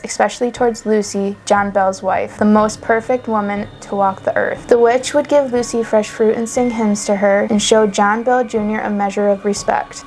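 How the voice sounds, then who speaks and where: A woman's voice: medium pitch, darkish tone, poor audio. A young woman co-hosting a casual chat, reading a legend aloud and cracking sarcastic jokes between passages.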